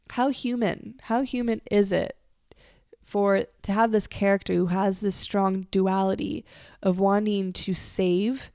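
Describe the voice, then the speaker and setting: A woman's voice: medium pitch, creaky, darkish tone, smooth, dry recording, studio quality. A woman hosting a podcast, telling a personal story in a candid, confessional way, swearing casually and wandering off on side tangents. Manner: rambling with side tangents and restarts. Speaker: podcast host.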